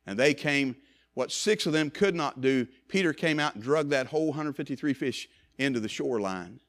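A man preaching a sermon with passion, rising to loud emphasis and dropping to hushed low passages, repeating phrases for effect. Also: animated, normal speed.

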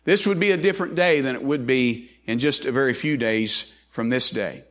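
A man's voice: mid-range voice, normal speed, a bit bright. A man preaching a sermon as pastor, folksy and loose, with frequent restarts and repeated words.

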